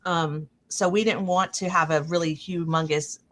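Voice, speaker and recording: A middle-aged woman hosting a casual chat stream, telling a long anecdote with fillers and lively quoted voices. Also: fairly low pitch, moderate pace, slight background noise. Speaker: stream host.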